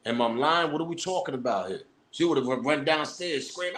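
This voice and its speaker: A man, riffing through hip-hop news commentary. He talks in a loose, animated, rambling way, full of profane street slang, and he keeps acting out what people would say. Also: on the high side, fast talker, few pauses. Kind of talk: casual commentary.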